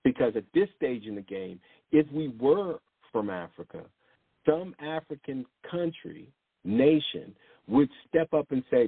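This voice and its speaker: A man delivers an impassioned sermon in a husky, slightly rough voice, pressing his points with rhetorical questions. His voice sounds dry and close, squeezed through a narrow, phone-like band. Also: mid-range voice, very animated, unhurried, no echo. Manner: emphatic, fires rhetorical questions. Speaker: preacher.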